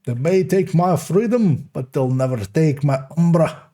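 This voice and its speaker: A man's voice: a little high, unhurried, mellow, voice pushed up. A man voicing a boisterous mock-Scottish character in an exaggerated put-on Scottish accent, with a hammy, theatrical delivery.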